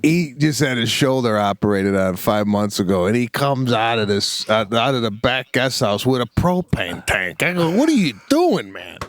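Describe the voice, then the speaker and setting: A man co-hosting a comedy podcast, telling an animated story, acting out quotes and laughing often. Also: medium pitch, normal speed, hardly any pauses. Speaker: co-host.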